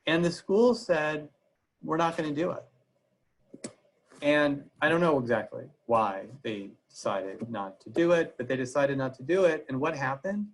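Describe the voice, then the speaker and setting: A man's voice: medium pitch, lively intonation, normal speed, hardly any pauses, a little hiss or hum, rough recording. A man giving a legal presentation on a video call, speaking conversationally with frequent "uh" fillers. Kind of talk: webinar presentation.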